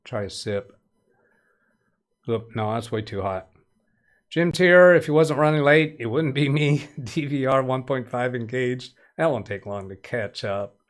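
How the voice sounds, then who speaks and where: A man runs a casual tech-help livestream out of his home studio, speaking at an unhurried pace in a medium pitch. He's talkative, calls out viewers by name, and makes light puns.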